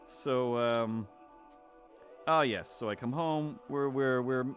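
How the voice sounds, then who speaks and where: A man's voice: mid-range voice, takes it slowly, faint music behind. A man rambling casually as he draws on a live stream, self-deprecating and loose, full of fillers and restarts. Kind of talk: casual rambling chat while drawing.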